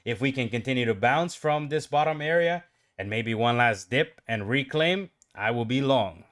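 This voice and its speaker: A man's voice: medium pitch, moderate pace. Man streaming live trading commentary. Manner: self-talking, pumped up, swings from calm explaining to excited outbursts. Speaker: livestream day trader.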